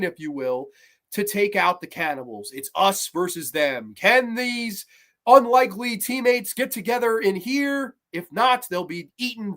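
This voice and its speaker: A man in his twenties hosts a horror movie review, ranting casually in a profane, sarcastic way. His voice is high-pitched with a fairly bright tone.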